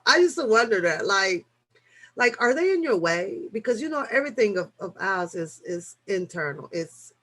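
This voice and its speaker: A woman's voice: mid-range voice, husky. A woman hosting a casual late-night live chat, answering viewers loosely, swearing freely and restarting her sentences often. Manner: animated, swearing, frequent fillers and restarts.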